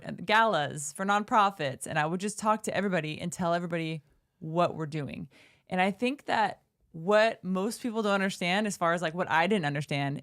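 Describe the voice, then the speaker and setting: A woman's voice: lowish voice, dry recording, studio quality. A woman co-presenting a business workshop, earnestly telling her own story and encouraging listeners. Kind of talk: motivational business talk.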